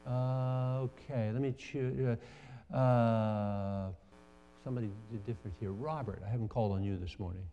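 Professor lecturing in an echoey hall. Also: male voice, mid-range voice, fairly even intonation, normal speed, mellow, dull audio, faint music behind. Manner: conversational, questions students, frequent restarts. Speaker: music professor. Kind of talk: university lecture. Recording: reverberant lecture hall recording.

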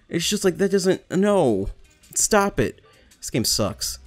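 A man's voice: high voice, big pitch swings, slow, soft background music. A young man giving let's play commentary, frustrated and swearing as he rants about the game. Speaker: gamer.

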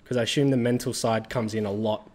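A man's voice: fairly low pitch, fairly even intonation, fast, crowd noise. A man hosting a podcast interview, asking easygoing, rambling questions. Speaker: podcast host. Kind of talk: interviewer chat.

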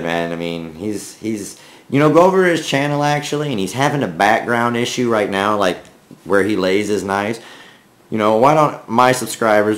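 A man with a Minnesotan accent, raised in the American South, hosting a casual knife vlog in a rambling, folksy way with lots of fillers. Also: low voice. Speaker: knife review channel host.

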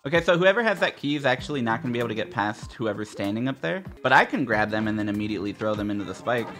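A man's voice: mid-range voice, lively intonation, rapid-fire. A man giving profane, frustrated commentary while playing a video game. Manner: frustrated, profane, exasperated muttering at other players. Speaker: gaming YouTuber. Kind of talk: gameplay commentary.

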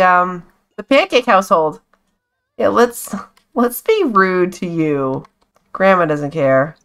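A woman's voice: medium pitch, fairly bright tone. A young woman giving casual, amused commentary on a life-sim game, chatting to the characters on screen as she plays. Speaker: gaming YouTuber.

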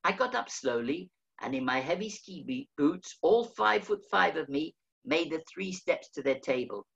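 An older man reads from his own memoir, unhurried and measured. His storytelling carries a wry edge. The recording sounds dull and lo-fi. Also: on the high side, lively intonation, gravelly, fairly bright tone. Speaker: author reading his memoir.

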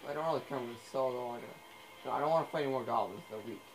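Rambling young man with a gravelly voice. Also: mid-range voice, very fast. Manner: rambling, filler-heavy, easily sidetracked. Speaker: gamer. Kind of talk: casual gameplay commentary. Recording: noisy home recording.

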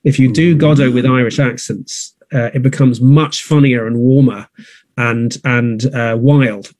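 A man's voice: medium pitch, steady tone, a little slow, darkish tone, no echo. Thoughtful man talking theatre, dry sound. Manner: thoughtful, many restarts and fillers. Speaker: theatre producer. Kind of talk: conversational interview. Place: north of England.

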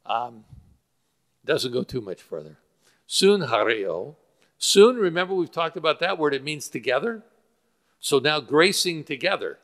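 A man's voice: a little high, sing-song, a little slow, pauses often, fairly bright tone. A male pastor preaching a sermon that explains Greek word roots, with frequent fillers. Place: church sanctuary. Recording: church hall with long reverb.

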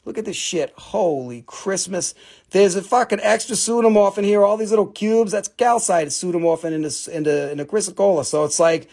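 A man runs a live mineral sale, cracking jokes and swearing as he rambles. His voice sits high with a gravelly fry. He comes across as a self-mocking jokester. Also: fairly even intonation, brisk, few pauses, a little mellow. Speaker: live-stream mineral seller. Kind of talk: joking live sales banter.

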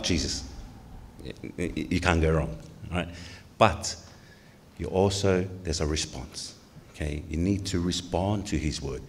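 A male pastor from Tonga preaches a sermon in church with a lowish voice. He sounds earnest and keeps putting questions to the congregation. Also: unhurried.

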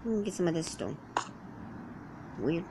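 A woman's voice: lowish voice, very animated, moderate pace, noisy background. A woman doing in-character survival roleplay commentary while playing, rambling to herself and chatting to the animals around her. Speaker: game roleplayer.

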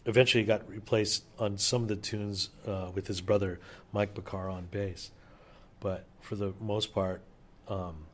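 A man's voice: lowish voice, flat delivery, moderate pace, slight background noise. A middle-aged man, a session drummer, telling stories casually in an interview, loose and enthusiastic with plenty of fillers and swearing.

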